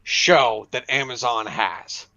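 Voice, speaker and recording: A man's voice: mid-range voice, takes it slowly, vocal fry, a loud crowd. A man co-hosting a casual chat, ranting emphatically and swearing often. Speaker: podcast co-host. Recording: dull lo-fi dry podcast mic.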